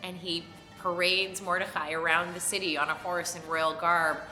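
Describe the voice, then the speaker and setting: A woman's voice: lowish voice, moderate pace, reverberant, faint music behind. Tipsy woman rabbi retelling a story. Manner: animated, slips into loud character voices.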